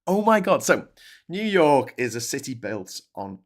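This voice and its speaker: A man's voice: mid-range voice, very animated, unhurried. British man, live-stream host, casual chat, rambling, frequent restarts. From Britain. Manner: rambling, many restarts and asides, swears casually.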